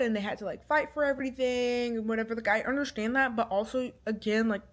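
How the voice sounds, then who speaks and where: A young adult woman doing a book vlog, rambling with lots of fillers and getting emotional and irritated about the story. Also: mid-range voice. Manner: emotional, swings from irritated to teary. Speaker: book vlogger. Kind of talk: casual book review chat.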